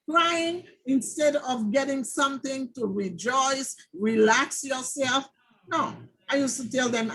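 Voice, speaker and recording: High-voiced woman telling lively stories. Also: a little slow, rough recording. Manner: animated, acts out quoted exchanges in her stories. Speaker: co-presenter. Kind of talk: informal presentation.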